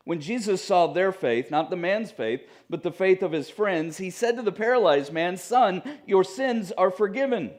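Pastor, male, slightly higher voice; relaxed, joking sermon delivery in a church. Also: normal speed, hardly any pauses. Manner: conversational, joking asides to the congregation. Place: church sanctuary.

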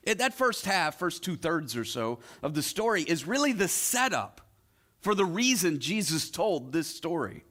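Higher-voiced male preacher telling a story. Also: very animated, pushed and bright. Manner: rhetorical questions, dramatic pauses, storytelling. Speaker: pastor. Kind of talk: sermon.

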